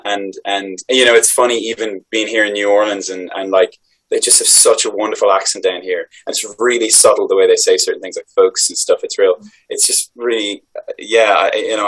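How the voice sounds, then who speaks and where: Low-voiced Irish man, rambling. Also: a bit bright, low-quality recording. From Ireland. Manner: reflective, rambling, many restarts. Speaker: voice actor guest. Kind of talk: conversational interview answers.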